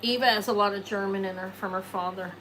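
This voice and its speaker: A fast-talking woman of medium pitch, fairly even intonation, and a fairly bright tone sells jewelry on a live stream. The audio is poor with slight background noise, and her casual, rambling chat includes answering viewers and joking and laughing at herself.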